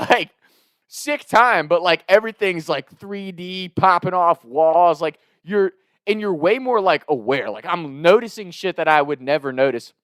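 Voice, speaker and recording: A young man from the Midwest, telling a wild personal story in a casual, profane, animated way. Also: sits high, a little slow, no room sound, studio quality. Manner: profane, animated, laughs at his own story.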